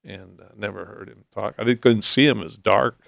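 A man guest in a talk show interview, telling a personal story in a halting, soft-spoken way. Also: lowish voice, dry recording, studio quality. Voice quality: gravelly.

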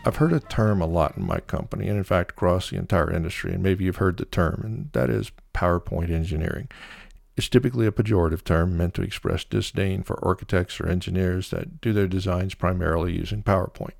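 Deep gravelly man hosting a podcast. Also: fairly even intonation, a little mellow, no echo, clean studio sound. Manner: measured, opinionated explaining with occasional fillers. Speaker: podcast host. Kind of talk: solo podcast monologue.

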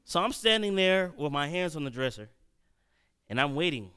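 Guy preaching, high bright voice, storytelling then hushed then loud. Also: very animated, normal speed, smooth. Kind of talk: sermon.

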